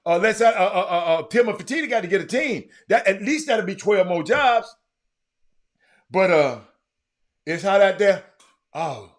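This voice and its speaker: A high-pitched man hosts a loose, casual show. He calls out loudly to his audience one moment and mutters low the next, repeating himself as he goes. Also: expressive, unhurried. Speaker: show host. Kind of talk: casual live-stream chat.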